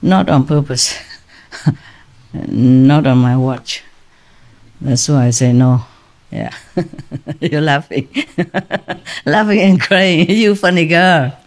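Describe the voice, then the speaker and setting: A woman's voice: low-pitched, slow, pauses often. A woman spiritual teacher talking casually to her disciples, tired and confiding, often laughing between lines. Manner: weary, confiding tone.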